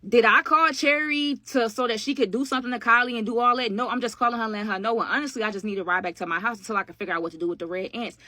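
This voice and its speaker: Fast, bright-voiced woman telling a story. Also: on the high side, fairly even intonation, no room sound. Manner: chatty, slangy, addresses viewers as y'all. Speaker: storytime vlogger. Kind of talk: casual storytime narration.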